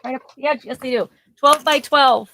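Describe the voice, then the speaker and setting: A woman's voice: high voice, normal speed, sharp tone, a little hiss or hum, poor audio. A chatty woman running a casual live sale from home, describing items and laughing easily. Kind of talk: casual live auction chat. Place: home, near her garage.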